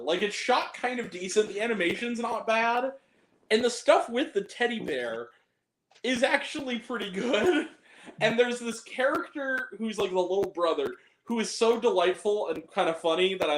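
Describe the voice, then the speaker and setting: A man reviewing a film on a podcast in casual chat, swearing freely and often breaking into laughter. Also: high voice. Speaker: podcast guest. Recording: roomy echo.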